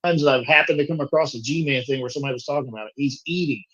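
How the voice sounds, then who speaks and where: A man's voice: mid-range voice, very fast, a bit bright, dull audio. A man in casual podcast chat, mocking someone with crude, heavy swearing.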